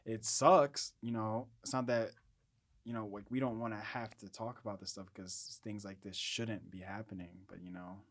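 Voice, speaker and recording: A man with a somewhat low voice speaks earnestly in a casual chat. He presses his points with emphasis and fills the gaps with "you know". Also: steady tone, moderate pace.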